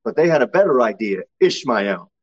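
A man preaching a sermon as pastor, swinging from low, quiet asides to high, ringing exclamations. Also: big pitch swings, moderate pace, breathy edge, dull audio.

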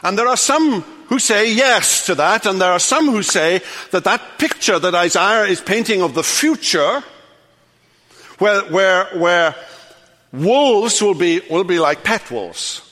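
An older man preaching a sermon as pastor, swinging from loud, animated passages to hushed, quiet endings. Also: sits high, unhurried, long reverb tail. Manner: animated preaching, rising loud then dropping to hush. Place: church sanctuary.

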